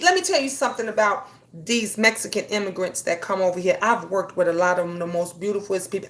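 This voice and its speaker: A woman hosting a casual live stream, greeting chat viewers and preaching bluntly with plenty of swearing. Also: mid-range voice.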